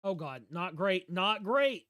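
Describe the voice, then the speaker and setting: Young male streamer, Southern drawl, bright tone, rambling jokey patter. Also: sits high, expressive, slow pace, dry recording, highs cut off. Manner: joking, rambling, talks back to chat; slurred drawl. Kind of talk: casual live-stream gaming chat.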